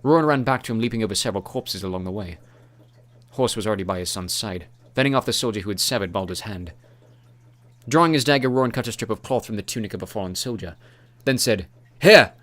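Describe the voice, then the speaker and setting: A man narrating a fantasy audiobook in a steady, measured way. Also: on the low side.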